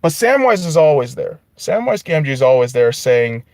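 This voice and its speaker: Man on a podcast, profane rambling rant, lively swooping voice, slightly high, dry close sound. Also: moderate pace, few pauses, no echo. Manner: animated, rambling, heavy swearing. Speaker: podcast host.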